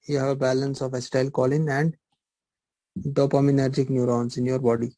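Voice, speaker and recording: A man's voice: medium pitch, flat delivery, a little fast, mellow, no room sound, low-quality recording. A middle-aged male pharmacology lecturer, teaching a live online class, repeating points and firing rhetorical questions at students. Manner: repetitive, asks rhetorical questions, teasing.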